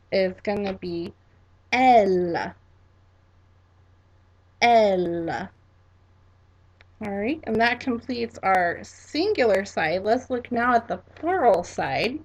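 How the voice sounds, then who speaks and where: Woman, teacher, slow and unhurried, patient, spells words out letter by letter, repeats for the class. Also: mid-range voice, slightly rough. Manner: repeats each word for students to echo. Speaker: French teacher. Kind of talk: classroom lesson.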